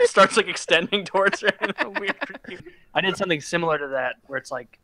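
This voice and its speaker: A man's voice: on the high side, a little fast, sharp tone. A young man casually telling stories on a podcast, swearing freely and acting out the people he quotes. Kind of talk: casual storytelling chat.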